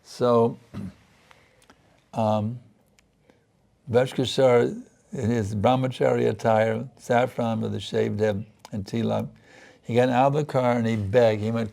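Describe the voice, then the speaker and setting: Gravelly-voiced man giving a sermon. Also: medium pitch, steady tone, slow pace, pauses often, warm tone. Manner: earnest, pleading when voicing prayers. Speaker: spiritual teacher.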